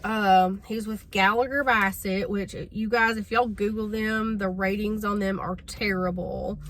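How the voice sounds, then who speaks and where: A woman's voice: medium pitch, steady tone, a little slow, fairly bright tone. A woman telling a story to her viewers in a chatty, exasperated way. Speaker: vlogger. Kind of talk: casual storytelling to camera.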